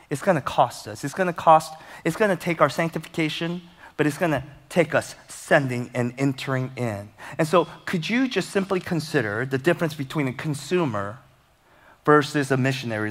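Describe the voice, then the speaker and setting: A man preaching a sermon as a pastor, animated and conversational, with humor and rhetorical questions. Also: on the high side, in a large hall.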